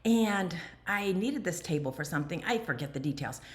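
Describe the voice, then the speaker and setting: A woman candidly talking about her recovery in an animated personal monologue, sometimes dropping to a near whisper. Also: on the low side, moderate pace. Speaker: recovery speaker and channel host.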